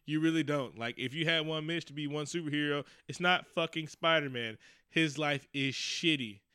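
Bright-voiced profane ranting man. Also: on the high side, brisk, clear, resonant tone, no room sound, studio quality. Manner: profane, animated, rants with mock quotes. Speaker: podcast co-host. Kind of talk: casual movie chat.

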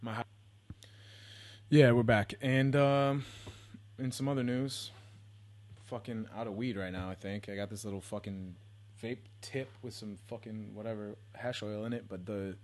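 Young male podcast host, solo rant from home, rambling, profane, self-mocking, lowish voice. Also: steady tone, normal speed.

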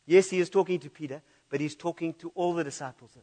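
A man's voice: a little high, fairly even intonation, fast talker, dark tone. A man preaching a sermon in a church, reading scripture aloud and laughing at his own slip-ups.

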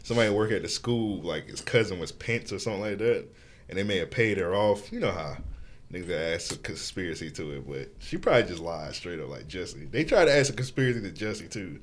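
A male podcast host with a low, lively voice that swings all over the place. He chats casually, jokes and laughs a lot, and reads out listener submissions. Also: fast talker. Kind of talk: casual chat.

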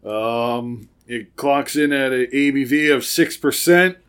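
A man's voice: mid-range voice, slow pace, smooth. A man co-hosting a casual podcast, reviewing a beer and laughing often between his lines. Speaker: podcast co-host.

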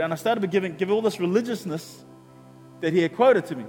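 A man's voice: high voice, brisk, in a large hall, faint music behind. A male pastor preaching a sermon and telling a personal story, acting out the dialogue. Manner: animated storytelling, acts out dialogue.

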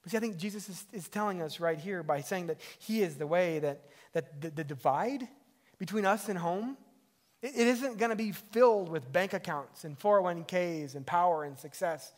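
A man's voice: high voice, normal speed. A middle-aged man, a pastor, preaching a sermon in a conversational way that rises to emphatic peaks.

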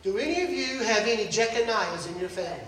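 A male pastor preaching a sermon with passion, building to near-shouts and dropping to hushed asides. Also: sits high, animated, fast talker. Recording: echoey hall, heard from a distance.

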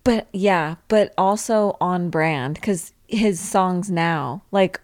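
Female podcast co-host, unhurried delivery, playful teasing, dry recording. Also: fairly low pitch, no echo. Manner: teasing, animated storytelling, acts out quotes. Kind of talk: casual chat.

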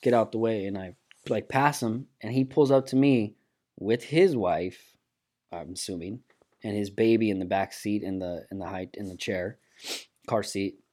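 A man with a low voice tells a road story in a loose, profane way, slipping into the voices of the people in it. His speech swings between loud bursts and quiet asides. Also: normal speed. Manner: profane, animated storyteller acting out quotes. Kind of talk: casual chat, storytelling.

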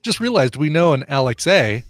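A man co-hosting a morning podcast in casual chat, playful and joking as he pitches ideas. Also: sing-song, moderate pace, no room sound. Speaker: podcast co-host.

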